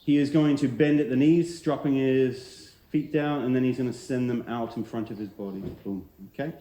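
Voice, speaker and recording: Calm male instructor with a mellow, roomy voice. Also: mid-range voice, normal speed. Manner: calm, steady instruction with soft trailing ends. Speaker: martial arts instructor. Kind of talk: guiding a relaxation drill. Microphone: headset mic. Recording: roomy echo.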